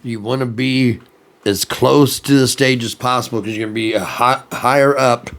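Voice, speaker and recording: A man's voice: mid-range voice, steady tone, normal speed, fairly bright tone. A man chatting casually in a rambling vlog, laughing at his own jokes. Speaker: music vlogger.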